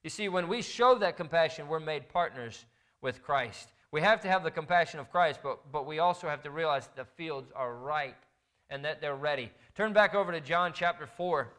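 A man's voice: a little high, animated, normal speed, a bit bright. A middle-aged man preaching a sermon in a fervent, emphatic style. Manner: impassioned, building to fervent emphasis. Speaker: pastor.

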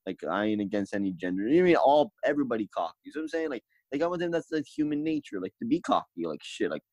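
A man's voice: medium pitch, huge pitch swings, very fast, gravelly, a little mellow, dry recording, rough recording. A young man from Hawaii, a podcast guest in casual chat, rambling and swearing a lot. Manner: rambling, swears a lot, repeats "you know what I mean".

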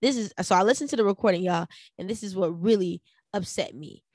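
A woman's voice: mid-range voice, a little fast, no room sound. Young adult woman, mid-range voice, solo podcast commentary, punchy and direct, dry recording. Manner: animated, rhetorical questions, frequently addresses listeners directly. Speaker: podcast host.

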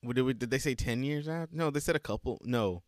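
A man's voice: mid-range voice, fast, no echo, clean studio sound. A man co-hosting a podcast, chatting casually and laughing often as he recaps a movie. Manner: laughs often, animated storytelling. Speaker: podcast co-host. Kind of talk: casual chat.

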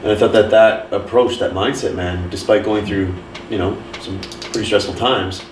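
A young man co-hosting a casual podcast chat, telling stories and acting out what people said with lively swings in his voice. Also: lowish voice, normal speed, a little hiss or hum. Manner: animated storyteller, acts out quotes. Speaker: podcast co-host. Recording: roomy sound, mic at a distance.

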